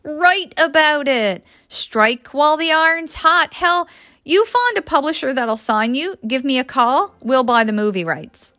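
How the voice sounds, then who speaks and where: A woman reading the lines of a brisk, pushy young woman who teases and presses. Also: high voice, lively intonation, pushed and bright, no room sound, studio quality, pitched above the performer's own voice, full character voice. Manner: teasing, pressing.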